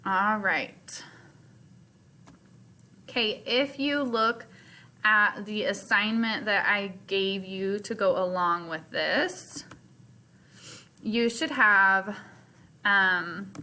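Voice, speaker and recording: Female teacher, patient phonics lesson, slow delivery, bright tone. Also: mid-range voice. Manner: slow, patient, explains step by step. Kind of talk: recorded remote phonics lesson.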